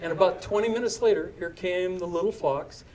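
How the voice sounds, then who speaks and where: A man's voice: high voice, fairly quick, darkish tone, a little hiss or hum. An older man telling a story to a live audience, chatty and digressive, with asides to the crowd. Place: indoor event before a live audience.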